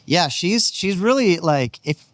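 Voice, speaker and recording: A man's voice: high-pitched, lively intonation, a little slow, dry recording. Earnest man explaining scripture. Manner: earnest, teacherly, explains Greek and verse context. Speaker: podcast co-host. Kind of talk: casual Bible discussion.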